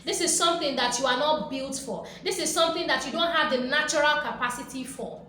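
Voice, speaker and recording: A woman's voice: high voice, brisk, pushed and bright. A woman hosting a motivational talk, speaking emphatically and repetitively, with playful acted-out quotes. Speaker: motivational video host. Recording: very echoey room with faint background noise.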